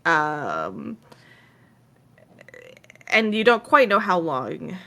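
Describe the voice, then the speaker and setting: A woman's voice: sits low, big pitch swings, drawn-out words, gravelly, fairly bright tone. A woman game master narrating a tabletop game casually, with a hesitant delivery full of fillers.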